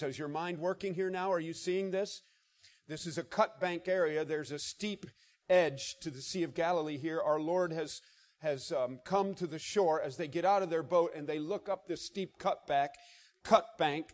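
A man preaching a sermon, reading scripture aloud with swelling intensity and breaking into conversational asides to the congregation. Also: fairly high pitch. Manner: reads scripture aloud with rising intensity, slowing for emphasis.

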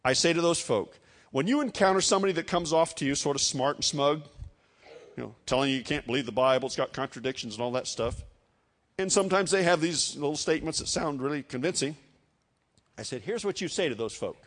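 Preaching from the pulpit, an older Iowa man speaks animatedly in a fairly high voice. He uses rhetorical questions to press his message and shifts into a slow, solemn cadence for hymn text.

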